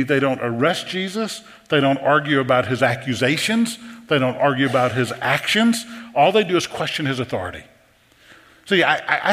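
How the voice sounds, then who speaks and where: Male pastor, sermon, slightly high voice, animated questions to the pews, long hall reverb. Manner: animated preaching with rhetorical questions to the congregation.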